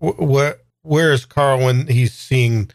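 A man's voice: medium pitch, slow pace, vocal fry, darkish tone, no room sound, studio quality. A man playing in a tabletop game, asking hesitant questions. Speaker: player.

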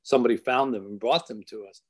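With a mid-range voice, an older author tells something from his own life in an earnest, hesitant manner, often starting over and trailing off gently.

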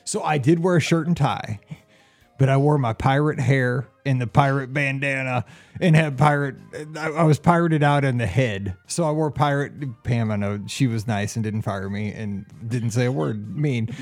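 A man and football coach, a podcast co-host, chatting casually with jokes and animated stories. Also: medium pitch, moderate pace, faint music behind. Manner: jokey, animated storyteller, laughs often. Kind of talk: casual chat.

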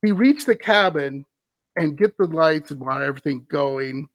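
A man's voice: fairly high pitch, animated, moderate pace, no echo. A man hosting a podcast, reading a scary story aloud and breaking off for wry, amused asides. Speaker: podcast host.

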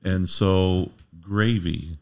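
Male guest, very low gravelly voice, deadpan jokes. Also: drawn-out words. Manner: dry, joking. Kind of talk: casual chat.

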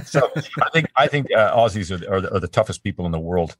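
A man's voice: low-pitched, expressive, fairly quick, slightly rough. A man who works as a voice actor, chatting as an interview guest, talking in a friendly, rambling way with frequent restarts and easy laughter. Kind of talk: casual interview chat.

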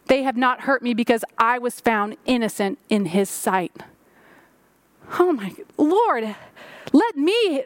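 A woman's voice: high voice, no room sound. A woman pastor preaching a sermon, rising and falling for emphasis and slipping into prayer.

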